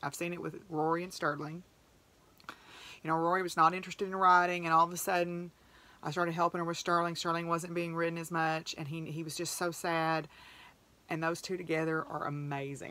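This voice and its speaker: A woman's voice: deep voice, flat delivery, a little fast, a bit bright. A middle-aged woman, hosting a podcast and telling farm stories in a chatty, rambling, heartfelt way. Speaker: podcast host. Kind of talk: casual storytelling monologue.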